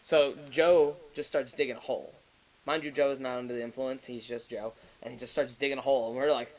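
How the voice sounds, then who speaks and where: A man's voice: mid-range voice, fairly even intonation, a little fast, poor audio. A young man, a podcast co-host, telling a long story in casual, profane chat and often laughing as he goes.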